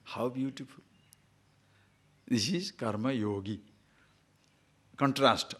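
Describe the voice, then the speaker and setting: A man lecturing on scripture as a spiritual teacher, chanting Sanskrit verses and acting out examples, swinging between loud and hushed. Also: a little high, big pitch swings, a little slow.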